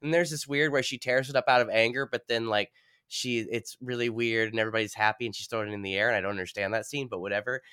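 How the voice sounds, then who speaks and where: A man's voice: medium pitch, steady tone, quick pace, bright, forceful tone, clean tone, no echo, clean studio sound. A man co-hosting a podcast, recapping a movie plot in casual, blunt, profane chat. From New England. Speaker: podcast co-host.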